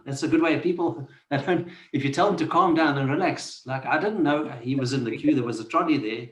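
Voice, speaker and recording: A man's voice: on the high side, brisk, reverberant, low-quality recording. A man in a casual study group telling a rambling, chatty anecdote.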